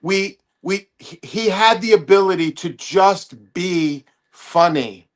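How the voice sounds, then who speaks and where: Animated man telling a comedy story. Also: sits high. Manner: animated, halting restarts. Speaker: comedian guest. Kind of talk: podcast storytelling.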